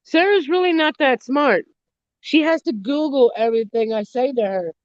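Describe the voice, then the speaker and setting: A man's voice: very high voice, moderate pace, dry recording, dull audio. Gossipy, crude man on a livestream. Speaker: livestream guest. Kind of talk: casual livestream chat.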